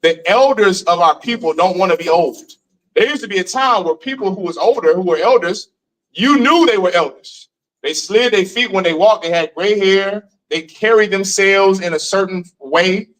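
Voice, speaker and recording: A man's voice: high-pitched, moderate pace, fairly bright tone, rough recording. A man from Missouri giving a preachy street lecture, telling stories and putting questions to the room. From Missouri, USA.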